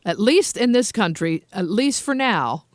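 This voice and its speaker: A woman's voice: medium pitch, lively intonation, measured pace, no room sound, studio quality. Playful middle-aged woman podcast host. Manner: playful, teasing, laughs often. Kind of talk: casual chat.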